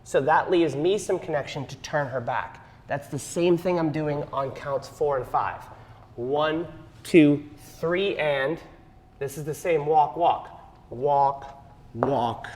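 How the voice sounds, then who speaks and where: In a dance studio with long hall reverb, a male instructor with a somewhat high, slightly mellow voice teaches a partner dance class. He takes his time explaining the moves and counts the beats out loud.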